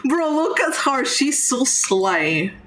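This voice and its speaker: A woman's voice: high voice, very animated, takes it slowly, a bit bright, echoey room. A woman streaming live, reacting to a game with gushing slang and talking back to the screen. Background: game music.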